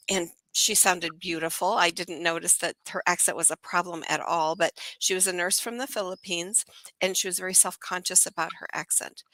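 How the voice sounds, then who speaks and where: Bright-voiced older woman telling stories. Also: lowish voice, no echo, rough recording. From United States. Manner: warm, upbeat storyteller. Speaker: guest, speech pathologist. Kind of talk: podcast interview.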